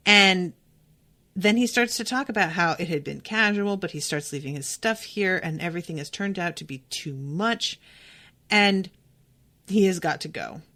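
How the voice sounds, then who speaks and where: Animated, emphatic woman podcast host. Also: fairly low pitch, moderate pace. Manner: animated, emphatic, talks to listeners directly; casual, swears freely. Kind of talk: casual TV episode recap.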